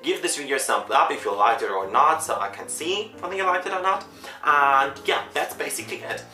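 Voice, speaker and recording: A woman's voice: deep voice, expressive, a little fast, pushed and bright. Young woman, non-native English speaker, rambling casual vlog chat, echoey room, faint music behind. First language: not English. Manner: rambling, chatty, self-correcting. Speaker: vlogger.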